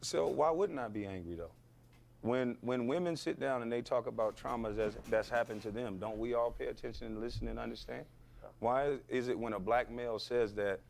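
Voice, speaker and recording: A former athlete as a podcast guest, talking bluntly and emphatically and firing back rhetorical questions. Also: male voice, medium pitch, brisk, vocal fry, darkish tone. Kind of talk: heated podcast interview.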